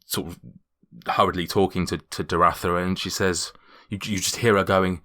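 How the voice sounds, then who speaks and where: A low, bright-voiced man runs a tabletop game, narrating the scene. He stumbles and restarts his phrases often as he describes the action. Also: steady tone. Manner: halting, many restarts. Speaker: game master.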